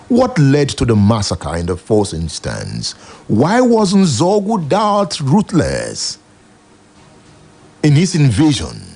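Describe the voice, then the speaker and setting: A man's voice: a little high, creaky, a little mellow, breathy edge. A Nigerian man hosting a radio show, giving emphatic, preachy commentary full of rhetorical questions.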